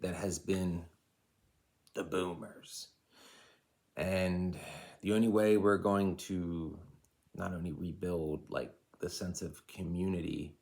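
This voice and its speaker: A man in his forties with a very low, deep voice delivers a casual, fired-up monologue to his viewers. He speaks passionately and rambles, dropping asides as he goes. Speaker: vlogger and life coach. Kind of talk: casual to-camera rant.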